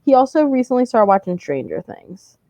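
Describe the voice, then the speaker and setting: A young woman co-hosting a podcast, chatting casually and acting out her kids in animated stories. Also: fairly high pitch, brisk, no room sound. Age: young adult. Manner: animated storytelling, acts out kids' voices. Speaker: podcast co-host. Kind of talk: casual chat.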